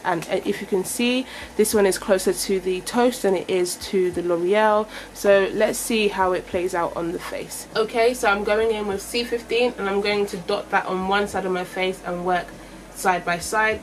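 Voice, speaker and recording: A young woman talks through a beauty review, musing aloud and often doubling back on her words. Her voice sits at a middling pitch, and a faint hiss of room noise stays behind her. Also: poor audio. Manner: chatty, thinking aloud, self-correcting. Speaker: beauty vlogger. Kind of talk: makeup review vlog.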